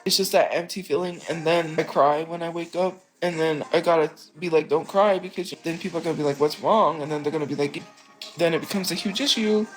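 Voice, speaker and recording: A woman's voice: deep voice, quick pace, faint music behind, low-quality recording. A woman streamer talking in a rambling, emotional, confessional way. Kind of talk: casual rambling stream talk.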